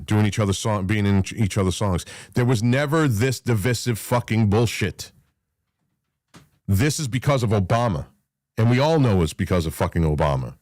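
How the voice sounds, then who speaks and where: In a live talk room, a New York man rants angrily, cursing and hammering his points home through repetition. His voice sits on the low side with a darkish tone, and there's no echo.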